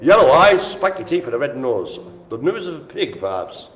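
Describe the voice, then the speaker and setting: A man's voice: medium pitch, big pitch swings, moderate pace, a bit bright, a little hiss or hum. A man calling a live-streamed bingo game in an indoor room with a small audience, chatty and teasing. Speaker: bingo caller. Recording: echoey room.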